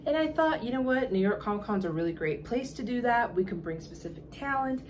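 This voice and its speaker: A woman vlogger telling a casual, animated story in exasperated tones, often laughing and acting out the dialogue. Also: on the high side, a little fast, a little hiss or hum.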